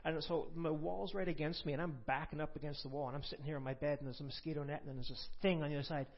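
A man preaching a sermon, telling a personal testimony in an animated way and building to forceful preaching, in a dull lo-fi recording. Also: fairly high pitch, rapid-fire.

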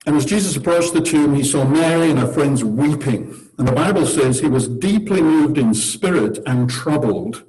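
A man's voice: a little high, expressive, normal speed, few pauses, warm tone, low-quality recording. Earnest man teaching a sermon. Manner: earnest, posing rhetorical questions, wry humor. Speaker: church teacher leading table discussion.

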